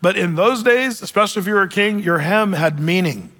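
A male pastor preaching a sermon, telling the story in an animated way with joking asides. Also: high voice, a little fast. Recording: long hall reverb.

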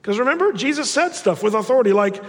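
Animated man preaching in a reverberant hall. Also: extremely high pitch, quick pace. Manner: animated, conversational preaching with repeated restarts. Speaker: pastor. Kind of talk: sermon.

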